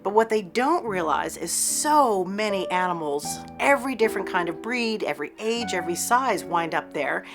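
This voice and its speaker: A woman who runs an animal rescue, giving a steady, informative documentary interview. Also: medium pitch, normal speed, few pauses. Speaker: executive director of an animal rescue. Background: music.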